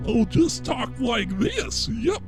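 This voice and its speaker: A man putting on a mock droid voice, calling out game actions in slow, clipped phrases over game gunfire and music. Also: very high-pitched, big pitch swings, pitched above the performer's own voice, full character voice. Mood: mock robotic. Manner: slow, clipped callouts in a raised voice.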